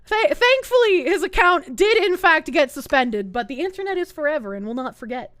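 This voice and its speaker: A woman's voice: high-pitched, lively intonation, a little fast, fairly bright tone, dry recording, clean studio sound. A woman streamer ranting live in heated, sarcastic, profane commentary. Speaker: Twitch streamer.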